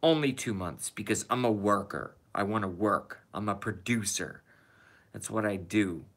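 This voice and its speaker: A man's voice: fairly low pitch, moderate pace, a bit bright. A man streaming a rambling, profane rant in a casual monologue, emphatic and cursing freely.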